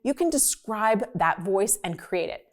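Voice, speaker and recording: A woman hosts an explainer video in a casual, upbeat manner. Her voice sits at an ordinary middle pitch, and she leans on key words with emphasis. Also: lively intonation, unhurried. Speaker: host.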